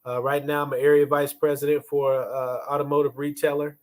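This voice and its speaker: A man's voice: on the high side, level tone, fairly quick. Chatty older man hosting a livestream. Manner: chatty, greets viewers by name. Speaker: host of a leadership livestream. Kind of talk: casual livestream talk.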